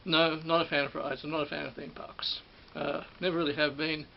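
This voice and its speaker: A man's voice: on the high side, level tone, fairly quick, creaky. A middle-aged man, reminiscing in a rambling way about an old job, often repeating and correcting himself. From Australia. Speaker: former ride operator reminiscing. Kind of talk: casual spoken reminiscence. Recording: dull sound with faint hiss.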